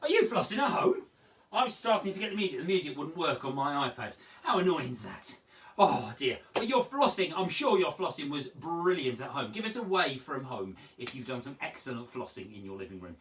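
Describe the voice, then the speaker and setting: A man's voice: fairly high pitch, brisk, recorded from a distance, a little hiss or hum. A man hosting a daily poetry show from home, reading poems aloud and chatting to viewers in a playful, theatrical way. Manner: animated, playful, theatrical delivery.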